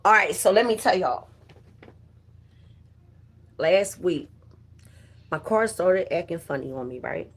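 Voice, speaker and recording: A woman's voice: fairly low pitch, animated, takes it slowly, long pauses, slightly rough. A middle-aged woman chatting casually and profanely on her livestream, greeting viewers by name and telling a story. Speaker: livestream host.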